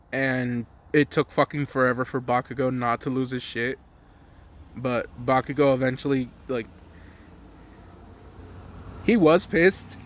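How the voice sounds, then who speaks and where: A young man casually improvising a crude fan story, rambling, swearing a lot and laughing at his own jokes. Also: medium pitch.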